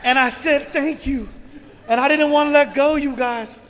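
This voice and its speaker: High-voiced man telling his recovery story. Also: fairly even intonation, moderate pace, a bit bright, long reverb tail. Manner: heartfelt, swearing, addresses the crowd as "you guys". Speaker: recovery meeting speaker. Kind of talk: personal recovery story told to a live group.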